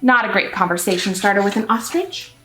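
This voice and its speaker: A woman reading a picture book aloud to children as a children's librarian, animated and asking the listeners questions. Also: medium pitch, fairly quick. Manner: animated, asks the audience questions. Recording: echoey room, faint music.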